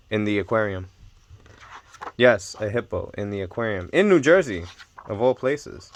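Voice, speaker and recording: A young man vlogging casually about his card collection, talking in excitable bursts and repeating his amazement. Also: mid-range voice. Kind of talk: casual unboxing chat.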